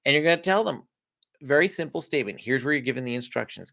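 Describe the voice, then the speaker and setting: A man giving a conversational parenting lesson, explaining steps in a relaxed, chatty way with frequent small laughs. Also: medium pitch, brisk, gravelly. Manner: lively, conversational, laughs often. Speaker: parenting coach. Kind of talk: instructional talk to parents.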